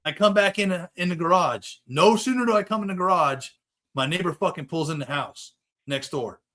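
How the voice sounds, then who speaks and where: A man with a slightly raised voice tells a rambling story in casual chat. He swears freely and talks in an animated, storytelling way, full of restarts. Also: sits high, normal speed. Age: adult with young kids. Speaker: podcast host, custom bike builder.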